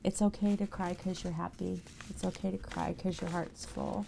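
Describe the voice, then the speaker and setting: A woman's voice: fairly low pitch, flat delivery, normal speed, gravelly, warm tone, slight background noise. A woman live streamer chatting casually with her viewers, emotional and sentimental.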